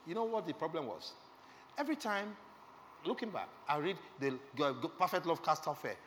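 Earnest preacher with lively swings. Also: male voice, on the high side, brisk. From Nigeria. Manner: earnest, emotional storytelling, asks the audience questions. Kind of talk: sermon testimony. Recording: reverberant hall with faint background noise.

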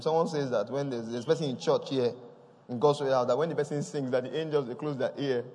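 A man preaching a lively sermon, often laughing and calling out praise. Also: mid-range voice, quick pace. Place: church. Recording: long hall reverb.

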